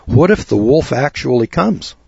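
A man's voice: mid-range voice, big pitch swings, normal speed, creaky, darkish tone, breathy edge, no room sound. A man hosting a radio talk show, delivering a rambling, preachy monologue that builds to emphatic lecturing. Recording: dull lo-fi dry radio audio.

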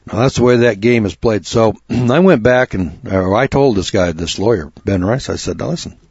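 A man's voice: fairly low pitch, moderate pace, darkish tone, slightly rough, dry recording, dull audio. A man hosting a radio talk show, telling a story in a plainspoken, folksy way, repeating words and getting worked up.

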